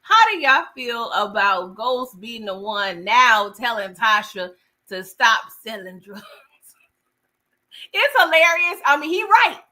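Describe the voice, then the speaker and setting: A woman's voice: medium pitch, pushed and bright. A young woman chatting casually through a TV episode recap on a livestream, laughing and greeting viewers by name. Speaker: TV show recap host.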